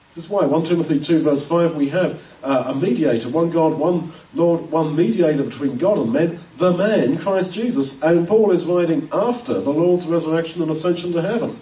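Preacher in an echoey room. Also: male voice, on the high side, lively intonation, normal speed, dark tone, distant mic. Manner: earnest, emphatic, with frequent restarts and ums. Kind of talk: expository sermon.

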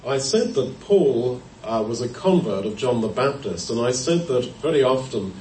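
A man's voice: medium pitch, lively intonation, darkish tone. Man preaching in an echoey room. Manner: measured, explanatory, with pauses and self-corrections. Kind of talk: Bible teaching sermon. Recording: roomy, distant mic, faint background noise.

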